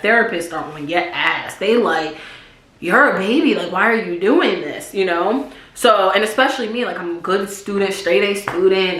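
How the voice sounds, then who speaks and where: A young woman telling a storytime vlog in a casual, profane way, acting out loud quotes. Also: mid-range voice. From Pennsylvania, USA. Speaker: YouTuber. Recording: echoey room.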